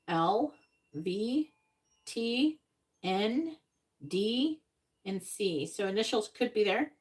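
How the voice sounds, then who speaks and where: During a psychic reading streamed live, a medium-pitched woman talks to her viewers, going over signs, letters and numbers slowly and spelling them out, with mild exasperation as she corrects them. Her sound is roomy, recorded on a slightly distant mic with faint noise.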